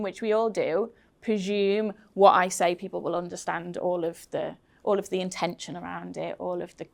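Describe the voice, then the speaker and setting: A woman's voice: mid-range voice, vocal fry. A middle-aged woman with a Liverpool accent talks in an earnest, conversational way at a panel event. She acts out what she says to the people in her workshops and slips into those quoted voices as she goes. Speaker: founder of a craft activism group, guest speaker.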